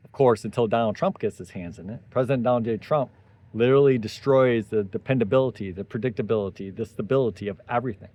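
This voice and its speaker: A man's voice: medium pitch, fast talker, mellow, lo-fi sound. A man hosting a solo tech commentary, talking animatedly with sarcastic asides and tangents. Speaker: tech commentary channel host.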